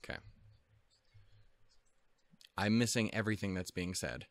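Low-voiced man swearing through anime reactions. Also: a little slow. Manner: profane, self-deprecating, easily flustered. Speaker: anime reaction video host. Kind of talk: casual rambling commentary.

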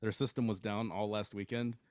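A male podcast co-host with a somewhat low voice talks through comic news in easy, casual chat. He keeps it loose, tossing in dry jokes between points. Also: little pitch movement, a little fast, darkish tone, dry recording. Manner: joking, laid-back banter.

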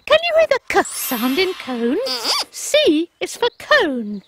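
A very high, sing-song little panda puppet, teacherly, slow, over music. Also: female voice, sing-song, heavy background noise, exaggerated voice. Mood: coaxing. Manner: schoolteacherly, patiently coaxing. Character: cheerful bossy female panda puppet. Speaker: children's show puppet character. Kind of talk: children's TV puppet acting. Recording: music bed under the voice.

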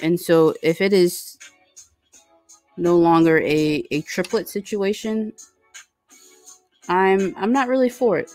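A woman's voice: on the low side, steady tone, slow pace, long pauses, darkish tone, faint music behind. A woman hosting a casual live stream, chatting and rambling with lots of fillers as she reads out viewer comments. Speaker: livestream host reading viewer chat.

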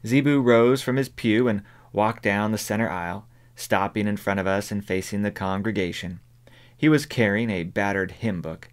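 A man narrating an audiobook in a measured, even reading voice. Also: on the low side, clear, resonant tone. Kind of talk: scripted narration.

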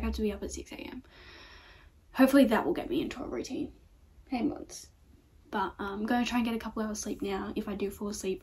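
A woman's voice: medium pitch, a little mellow, a little hiss or hum, poor audio. Rambling young woman vlogging at home. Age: young adult. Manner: rambling, filler-heavy, talking to her dog. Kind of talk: casual late-night vlog chat. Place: home bedroom.

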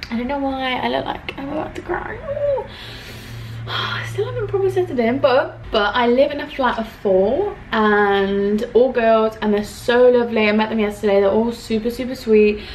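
A woman's voice: on the high side, distant mic, slight background noise, rough recording. Emotional young woman vlogging. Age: young adult. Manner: emotional, rambling, many fillers. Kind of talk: casual vlog chat.

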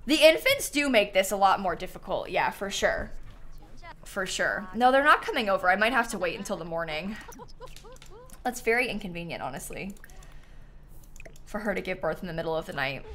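A young woman chatting casually to her viewers while playing a game live, animated and talking back to the game. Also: mid-range voice. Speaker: streamer. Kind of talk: casual live-stream gameplay chat. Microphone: headset.

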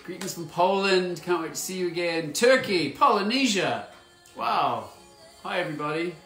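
A man's voice: high-pitched, lively intonation, moderate pace, a bit bright. Playful man reading fan messages, roomy echo. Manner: playful, rambling, reads fan messages aloud. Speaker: actor signing autographs. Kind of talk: casual livestream chat. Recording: roomy echo with faint music.

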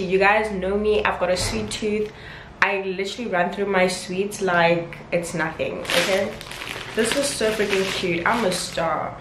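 A woman's voice: medium pitch, steady tone, unhurried. A young woman, chatting casually and emotionally in a home vlog. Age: 20s. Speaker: vlogger. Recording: roomy with faint background noise.

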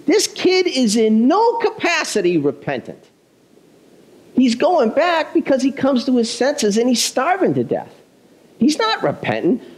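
A male pastor delivering a conversational, self-deprecating sermon, telling a story with animated delivery. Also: sits high, poor audio.

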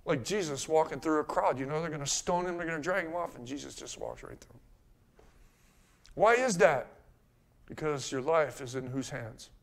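A man with a high voice delivers a church sermon. He keeps asking his listeners questions and answering them himself. He drops to a hush, then climbs to loud, urgent calls. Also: normal speed, vocal fry. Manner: rhetorical questions, swings from soft to loud. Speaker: pastor.

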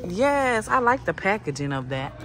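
A woman with a mid-range, very animated voice talks at a moderate pace over background music. She's a vlogger filming herself shopping in a discount clothing store, chatting casually and calling her viewers "y'all."

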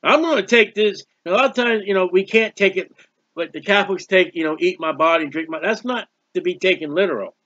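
A man's voice: high voice, brisk, dry recording, highs cut off. A man preaching a sermon, reading scripture aloud and explaining it, drawing out words for emphasis. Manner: expressive Bible reading with commentary, stretches words.

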